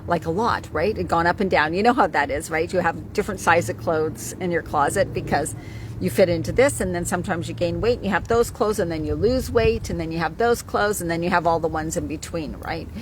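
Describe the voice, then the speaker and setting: A woman's voice: on the low side, fairly quick, noisy background. A woman in her forties talking casually to camera as a wellness coach, chatty, often checking in with "right?". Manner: chatty, keeps asking "right?". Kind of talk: casual talking-head vlog.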